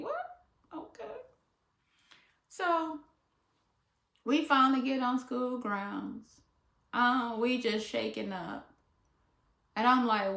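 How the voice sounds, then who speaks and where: A woman from Michigan telling a casual storytime, acting out the people she quotes and at times dropping to a hush. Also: a little high, slow pace, gravelly. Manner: animated, dramatic retelling with voiced quotes; drops to hushed near-whispers at times. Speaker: vlogger. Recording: echoey room.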